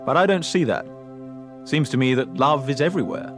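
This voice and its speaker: An actor as an earnest prime minister narrating. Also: male voice, medium pitch, sing-song, a little fast, natural voice. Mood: reflective. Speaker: film narrator. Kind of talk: film voice-over narration. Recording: film clip with music underneath. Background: film score.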